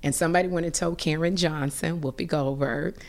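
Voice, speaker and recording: Low-voiced woman telling an animated story. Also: a little fast. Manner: animated, emotional, with frequent restarts. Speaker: guest. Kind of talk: personal storytelling in an interview.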